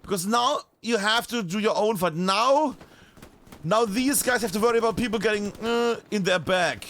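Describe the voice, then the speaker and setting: German man, high-pitched voice, live game commentary, chatty and animated, gunfire behind. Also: normal speed, slight background noise. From northern Bavaria, Germany. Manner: chatty, animated, swears casually. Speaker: esports caster.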